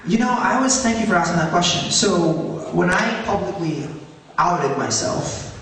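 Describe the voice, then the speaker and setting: A man speaking onstage at a public event, earnest and animated, his voice rising on questions. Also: high-pitched, a little slow, slight background noise. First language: Tagalog. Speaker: guest speaker. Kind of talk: onstage conversation. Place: high school auditorium. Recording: echoey hall from far off.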